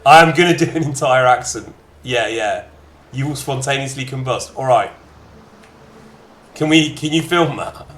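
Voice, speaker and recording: A man's voice: mid-range voice, a little slow, long pauses, a bit bright, slight background noise. A man streaming a strategy game, chatting casually and reacting in short bursts to chat and menus. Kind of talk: casual gameplay commentary.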